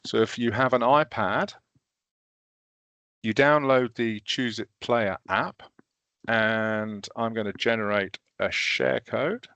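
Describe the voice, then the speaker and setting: Guy running a software demo for teachers, gravelly voice, chatty and a bit self-mocking, dry close sound. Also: medium pitch, slow, no echo. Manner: casual, chatty, self-deprecating while demonstrating step by step. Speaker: trainer demonstrating teaching software. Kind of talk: recorded online training session.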